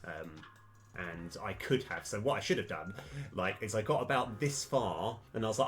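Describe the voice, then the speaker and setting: A man live-streaming a game, thinking aloud with lots of fillers and sudden bursts of excitement. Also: low-pitched, moderate pace. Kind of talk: live-stream commentary while playing and mapping a game.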